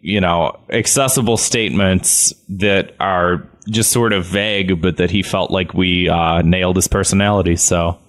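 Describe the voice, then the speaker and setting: Male podcast co-host, lowish voice, dry and joking. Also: fairly even intonation, normal speed, hardly any pauses. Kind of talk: casual podcast banter.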